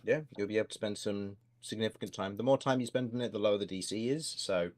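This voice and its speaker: A man's voice: on the low side, fast. A man running a tabletop game as game master, explaining the rules in an explanatory way with hesitant fillers.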